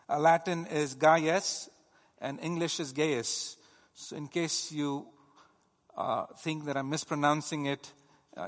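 A man preaching a teaching sermon at a steady pace, with frequent "uh" fillers. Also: on the high side, in a large hall.

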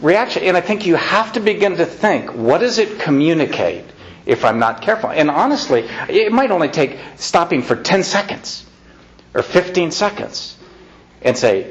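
A man talks an audience through parenting advice in a folksy, conversational way, acting out quoted lines now soft, now loud. His voice is gravelly and swings up and down a lot. The recording sounds dull and lo-fi. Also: a little high, big pitch swings, normal speed. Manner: folksy, acts out quoted lines with shifting loudness. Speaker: speaker giving parenting advice. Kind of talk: informal talk to an audience.

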